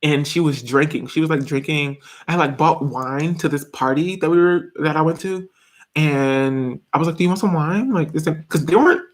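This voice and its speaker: A young man in his twenties hosts a casual live stream, chatting and reading viewer comments. His voice sits a little high for a man, and he talks in a giggly, rambling, chatty way. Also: steady tone, moderate pace. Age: 20s.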